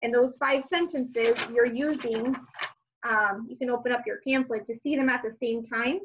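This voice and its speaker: A woman teacher walking young children through homework, thinking aloud with gentle hums and fillers. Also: on the high side, fairly even intonation, moderate pace, slightly rough, muffled recording.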